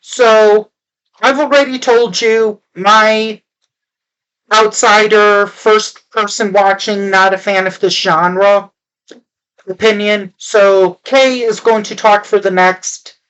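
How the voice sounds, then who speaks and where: A woman's voice: mid-range voice, steady tone, slow, fairly bright tone, smooth, dull audio. A woman co-hosting a casual movie review chat, butting in with jokes and teasing asides. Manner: joking, teasing interruptions. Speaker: podcast co-host.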